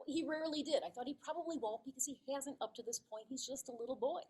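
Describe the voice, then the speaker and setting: A woman in her fifties giving a prepared storytelling speech to her club, animated and dramatic, acting out dialogue. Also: high voice, quick pace, few pauses, slightly rough, rough recording. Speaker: club speaker.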